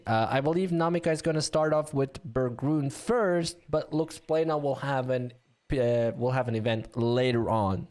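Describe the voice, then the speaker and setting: A man commentating an online game league, chatty and bantering with viewers, with a voice getting a bit rough. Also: fairly high pitch. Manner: chatty, animated, laughs and banters with chat.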